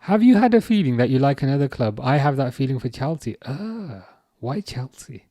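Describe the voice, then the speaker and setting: A man hosts a relaxed football chat stream, working through viewer comments one by one. His voice sits at an ordinary middle pitch, and he hesitates a lot, with frequent "um"s and false starts. The sound is dry and close, with no room echo. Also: normal speed. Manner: hesitant, lots of fillers and restarts. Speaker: livestream host.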